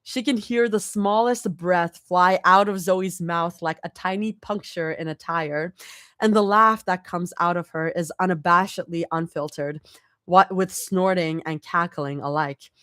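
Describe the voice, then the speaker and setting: A woman's voice: fairly low pitch, measured pace, fairly bright tone, no echo, clean studio sound. A woman doing a casual live reading of a story, with small slips and restarts. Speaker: fanfic reader.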